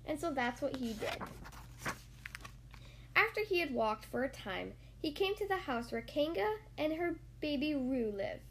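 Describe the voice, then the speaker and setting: A woman reading a children's storybook aloud in a lively, sing-song manner, doing the voices. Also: sits high, unhurried, a little hiss or hum.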